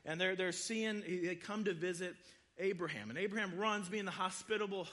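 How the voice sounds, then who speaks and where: A man giving a sermon, retelling scripture stories in a casual, conversational way with quick voiced asides. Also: high voice, a bit bright. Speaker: preacher.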